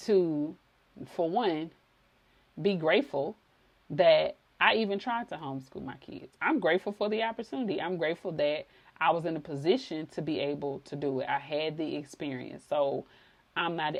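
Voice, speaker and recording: A woman's voice: low-pitched, moderate pace. A woman hosting a podcast, telling a personal story in a conversational way and acting out quoted dialogue. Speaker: podcast host.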